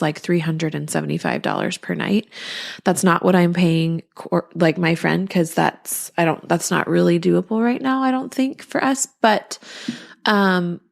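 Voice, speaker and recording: A woman's voice: fairly low pitch, creaky. A sleep-deprived woman in her thirties hosting a podcast in casual chat, rambling with restarts and frequent laughs. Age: 30s. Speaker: podcast host.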